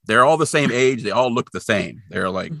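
Male podcast co-host, animated recapper, bright tone, dry close mic. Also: medium pitch, moderate pace, gravelly, dry recording. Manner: animated storytelling with sound effects and playful asides. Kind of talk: casual episode recap chat.

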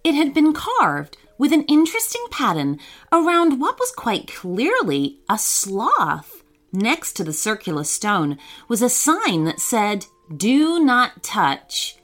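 Slow, bright-voiced woman reading a children's story. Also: on the high side. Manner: gentle, expressive voicing of children. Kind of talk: scripted children's story narration.

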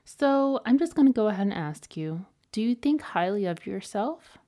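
Woman, podcast host, medium pitch, casual motivational talk, chatty, lots of fillers. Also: expressive, normal speed, warm tone. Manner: chatty, self-help storytelling with many fillers.

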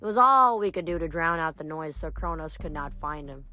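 A woman reading aloud, voicing a bitter, vengeful ancient female water nymph in a slow, menacing way. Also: sits low, expressive, bright, forceful tone.

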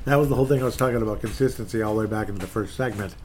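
A man's voice: fairly low pitch, rapid-fire, darkish tone, a little hiss or hum. Exasperated man rambling over sports. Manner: rambling and exasperated, reading posts aloud. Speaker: sports fan commentator. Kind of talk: casual solo sports rant.

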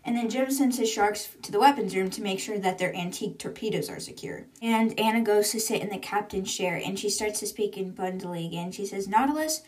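A woman podcast host runs through a book's chapters in a casual, chatty recap, regularly quoting characters with "she's like." She talks briskly in a slightly mellow mid-range voice, hardly pausing. Her voice carries a roomy echo from sitting away from the mic.

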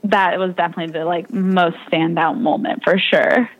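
A woman's voice: fairly low pitch, fairly even intonation, moderate pace, dull audio. A young woman, a triathlete guest in an interview, telling her story casually and with animation, laughing often and acting out the voices of people she quotes.

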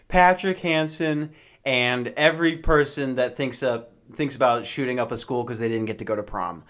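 A man's voice: on the high side, a bit bright. A man hosting a solo podcast, rambling in a casual, profane and sarcastic way and often mocking himself. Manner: self-mocking, jokey.

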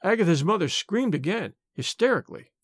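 Expressive male storyteller, dry sound. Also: sits high, a little fast, no room sound. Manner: expressive, varied. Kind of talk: dramatic story reading.

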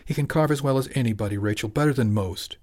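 A man's voice: mid-range voice, fast, darkish tone, voice pushed up, close to an everyday voice. A man voicing an angry, stern middle-aged fisherman father who talks heatedly and demands answers.

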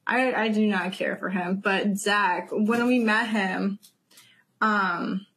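A woman's voice: medium pitch, slow, husky. Candid young woman chatting casually. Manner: relaxed, candid, frank opinions. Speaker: podcast co-host. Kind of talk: casual chat.

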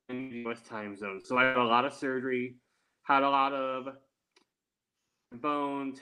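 A man, an attorney, answering interview questions in a measured, deliberate and explanatory way. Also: medium pitch, a bit bright, rough recording. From Texas. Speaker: guest, attorney.

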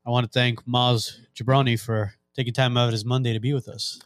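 Podcast host dude, upbeat, lots of uhs, mid voice, dry sound. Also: male voice, medium pitch, flat delivery, brisk, no echo. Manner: upbeat, with many "uh" fillers while reading announcements. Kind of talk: casual podcast chat and announcements.

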